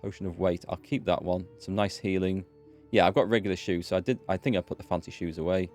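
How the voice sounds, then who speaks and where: A man's voice: deep voice, fairly even intonation, fast, a little mellow, soft background music. A man chatting casually with wry asides while playing a video game as a let's play host. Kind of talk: casual gameplay commentary.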